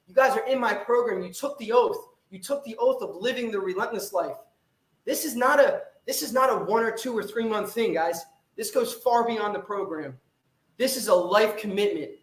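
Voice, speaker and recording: Young man, fitness coach, high voice, fired-up live-stream pep talk, swearing, echoey room. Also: normal speed. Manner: fired-up, preachy, swears a lot, repeats himself.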